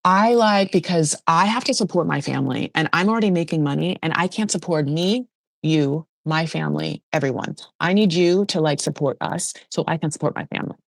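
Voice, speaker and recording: A woman playing a young fiancée pleading for support, earnest and insistent, in a low, dry voice close to the mic. The delivery stays low and firm. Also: fairly quick, gravelly, no room sound.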